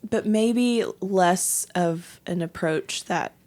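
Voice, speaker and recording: A woman's voice: lowish voice, slow, darkish tone. A woman co-hosting a podcast, teasing and joking in casual chat and laughing a lot. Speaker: podcast co-host.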